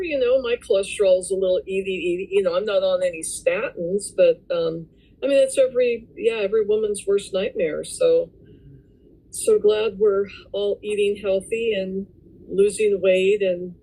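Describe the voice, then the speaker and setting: A woman in a weight loss support group, talking slowly on a video call and often exclaiming in wonder. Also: medium pitch, slightly rough, low-quality recording. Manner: slow, warm-hearted, exclaims often. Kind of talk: casual video call chat. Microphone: computer mic on a video call.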